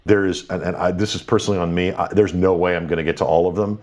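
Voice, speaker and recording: Deep-voiced man hosting a live stream. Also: steady tone, a little mellow. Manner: upbeat, thankful, quick rundown with fillers and restarts. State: tired. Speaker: livestream host. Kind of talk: live stream commentary, reading super chats.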